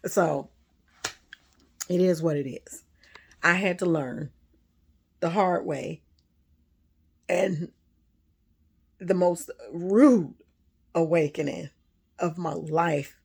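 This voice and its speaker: A woman talks through a personal story in a loud, animated way, breaking into laughter again and again. Her voice has a gravelly edge, and her pitch swings widely. She takes her time, drawing out her words. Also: drawn-out words, pauses often. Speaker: spiritual vlogger. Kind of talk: casual monologue.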